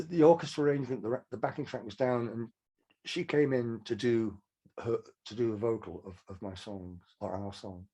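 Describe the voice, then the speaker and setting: Brief: older man, husky voice, frank storyteller who restarts his sentences. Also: medium pitch, mellow. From Manchester, England. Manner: rambling anecdotes with restarts, frank. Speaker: songwriter guest. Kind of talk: casual interview storytelling.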